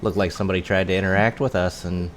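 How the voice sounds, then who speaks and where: A man's voice: deep voice, fairly even intonation, fast talker, a crowd in the background. A man as game master, chatting casually and laughing easily while running a tabletop session from home. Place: home room.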